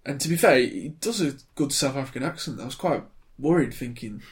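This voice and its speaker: A man's voice: medium pitch, fairly quick. A man in his twenties co-hosting a casual chat, reviewing films in a blunt, wry way. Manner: blunt, wry, animated when ranting. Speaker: podcast co-host reviewing films.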